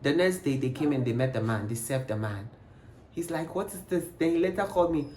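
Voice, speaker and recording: A young man tells a storytime vlog. He is emphatic and animated, and he keeps firing rhetorical questions. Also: medium pitch, brisk. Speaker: vlogger. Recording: roomy echo, faint background noise.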